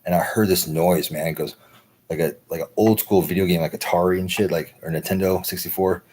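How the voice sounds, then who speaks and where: A low, husky-voiced American man talks on a livestream in a loose, meandering monologue. He swears freely and keeps tacking "right?" onto his sentences. His deep, slightly raspy tone stays relaxed and conversational. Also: fairly quick. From United States. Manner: loose, profane, repeats "right?". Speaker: livestream host. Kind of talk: rambling casual monologue.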